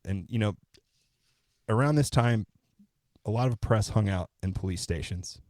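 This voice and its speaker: A man with a very low voice tells a true-crime story casually on a podcast. The sound is dry and close, with no room around it. He co-hosts and sometimes swears. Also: moderate pace, no echo. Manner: relaxed, profane, retells events step by step. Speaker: podcast co-host.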